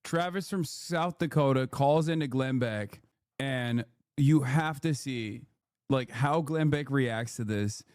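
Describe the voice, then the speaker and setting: A man streaming as he reacts to clips, talking casually in an animated, mocking way with a lot of profanity. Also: medium pitch, takes it slowly, dry recording, clean studio sound.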